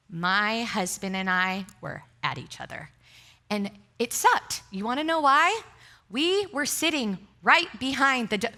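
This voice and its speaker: A bright, forceful, medium-pitched voice belongs to a middle-aged woman pastor giving a sermon in a church sanctuary. She laughs frequently while telling the congregation candid, self-deprecating stories.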